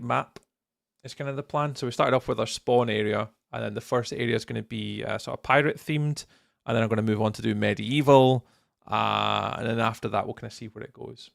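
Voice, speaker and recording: A man's voice: mid-range voice, gravelly, no echo, studio quality. A man hosting a live stream, chatting casually and rambling while he builds and greets viewers, tired and yawning. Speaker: livestreamer and server host.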